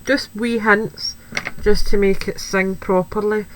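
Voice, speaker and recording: A woman's voice: mid-range voice, fairly even intonation, takes it slowly, a little hiss or hum, low-quality recording. A woman chatting through a card-making tutorial, thinking aloud as she works and making light of her own slips. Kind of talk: craft tutorial, talking while working.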